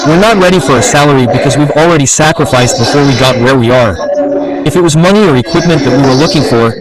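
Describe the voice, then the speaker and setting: Man giving a fired-up political speech, kinda high voice, crowd loud behind him. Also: low-quality recording. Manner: insistent, rhetorical questions. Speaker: political speaker. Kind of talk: impassioned public speech. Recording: speech over crowd noise.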